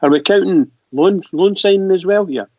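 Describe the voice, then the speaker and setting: A man on a radio panel, talking in a halting, hesitant way. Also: high-pitched, no echo. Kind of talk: casual radio chat. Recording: dry, dull lo-fi audio.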